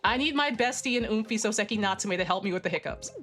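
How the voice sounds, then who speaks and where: A young woman streaming a video game, chatting casually, giggly and excitable, squealing at times. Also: mid-range voice, fast talker. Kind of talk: casual gameplay chat. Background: faint game music.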